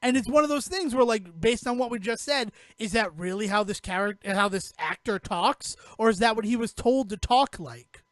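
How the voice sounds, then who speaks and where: A man co-hosting a casual podcast, talking in an animated, rambling way and swearing freely as he recaps a film. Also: sits high, normal speed, hardly any pauses, no room sound. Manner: animated, rambling, swearing, jumps into quoted voices. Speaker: podcast co-host.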